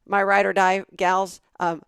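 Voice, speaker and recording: A middle-aged woman with a Southern US accent, co-hosting a podcast, teasing and asking quick questions. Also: medium pitch, level tone, vocal fry, clear, resonant tone, no room sound, clean studio sound. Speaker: podcast co-host. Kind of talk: casual chat.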